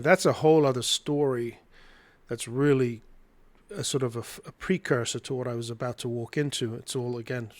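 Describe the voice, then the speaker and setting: A middle-aged man telling a story as a podcast guest, animated and acting out the dialogue. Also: medium pitch. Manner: animated, acts out dialogue in his retelling. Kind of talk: storytelling interview.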